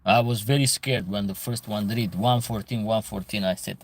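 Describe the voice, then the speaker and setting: A man's voice: lowish voice, steady tone, moderate pace, hardly any pauses. Emphatic man with an Albanian accent. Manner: emphatic, repeats phrases for stress. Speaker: host answering viewer comments. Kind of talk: casual live commentary.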